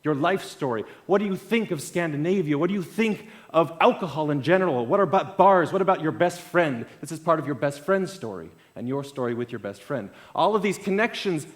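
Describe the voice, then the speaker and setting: A man giving a storytelling keynote talk at an event. He swings between loud bursts and quiet asides. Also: fairly high pitch, expressive, brisk, hardly any pauses. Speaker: conference speaker. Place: event stage.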